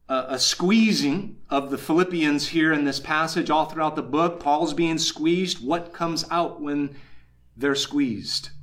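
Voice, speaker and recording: A man delivers a Sunday sermon in a fairly high voice. He preaches earnestly, leaning on repeated phrases and drawing out the words he wants to stress. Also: fairly bright tone. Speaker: pastor.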